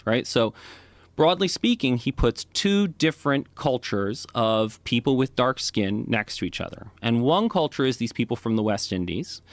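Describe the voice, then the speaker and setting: A man's voice: fairly low pitch, dry recording. Man lecturing on a podcast, dry studio sound. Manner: lecturing, with many "right?" and "you know" asides. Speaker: podcast guest. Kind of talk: explanatory podcast talk.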